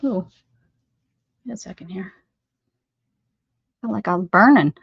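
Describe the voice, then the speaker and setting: A woman's voice: medium pitch, slow pace, gravelly, husky. A woman hosting an art livestream, chatting casually and muttering to herself while she crafts. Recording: dull lo-fi audio with faint noise.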